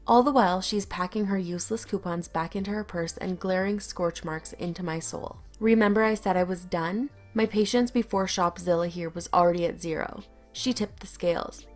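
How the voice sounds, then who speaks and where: Wry young woman reading a story. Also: medium pitch. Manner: wry, storytelling delivery with acted-out quotes. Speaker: story narrator. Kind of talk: reading an online story aloud.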